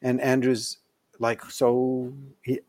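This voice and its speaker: A man's voice: mid-range voice, completely flat delivery, slow, a little mellow, a little hiss or hum. A middle-aged man telling a story in casual conversation, rambling with lots of fillers and restarts. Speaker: guest.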